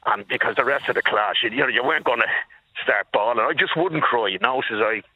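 Husky Dublin man in his sixties on a phone line. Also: medium pitch, fairly quick, dry recording. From Dublin, Ireland. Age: 60s. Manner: emphatic, keeps addressing the host by name. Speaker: caller. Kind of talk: phone-in storytelling.

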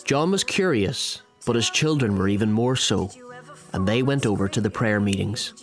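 Low-voiced man narrating a documentary. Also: animated, normal speed, faint music behind. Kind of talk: scripted narration.

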